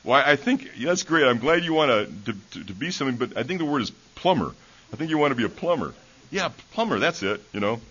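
A man's voice: medium pitch, sing-song, fast, a bit bright, breathy edge. A man who is a preacher and schoolteacher, giving a sermon in a folksy storytelling way, with many fillers and restarts, heard in a church. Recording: dull lo-fi recording.

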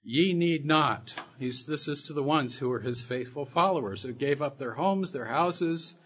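A man giving a sermon-style Bible study, reading scripture passages slowly and with emphasis. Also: mid-range voice, fairly bright tone, slight background noise. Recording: dull lo-fi recording.

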